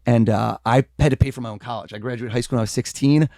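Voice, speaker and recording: A man from the United States, a mentalist guest, talking in a casual interview in a lively, animated way. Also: medium pitch, fast talker, gravelly, no echo, studio quality. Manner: energetic, animated, acts out quoted voices.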